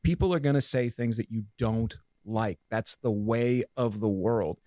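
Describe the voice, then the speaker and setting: A man in casual podcast chat who talks emphatically, swears freely and wanders through his points with fillers. His voice sits at a middle pitch and sounds close and dry, with no room around it. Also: unhurried, warm tone, no echo. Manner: profane, emphatic, rambling with fillers. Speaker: podcast guest.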